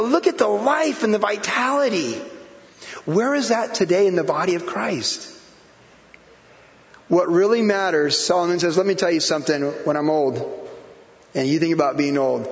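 A pastor in his forties preaching a sermon, animated, acting out quotes with whoops and laughter. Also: high voice. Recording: echoey hall, dull lo-fi sound.

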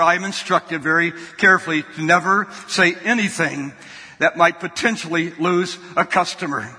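A man's voice: sits high, bright, forceful tone, slightly rough. A man preaching a sermon, telling a folksy story and often repeating his words. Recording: long hall reverb.

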